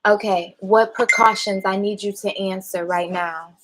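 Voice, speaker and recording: A woman talks to her child in a calm, measured way, steering her with patient questions. She is holding back tears as she speaks. Her voice sits at an ordinary pitch for a woman. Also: very noisy. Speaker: mother. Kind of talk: parent talking a child through a mistake.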